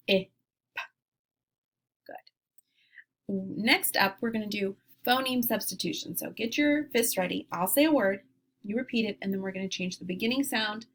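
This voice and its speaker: A woman teacher leading a phonics lesson, sounding out each sound slowly and clearly. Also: medium pitch. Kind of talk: phonics lesson, slow and deliberate.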